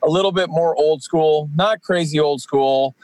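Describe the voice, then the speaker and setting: A man's voice: a little high, normal speed, a little mellow, no room sound, low-quality recording. A man in his forties, a professional wrestler guesting on a podcast, talking casually and rambling with many fillers and restarts. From Atlantic Canada.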